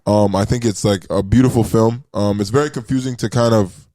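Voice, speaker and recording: Male podcast co-host, halting and self-correcting, dark tone, dry close mic. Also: lowish voice, fairly even intonation, no echo. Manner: hesitant, many ums and self-corrections. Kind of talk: casual movie discussion.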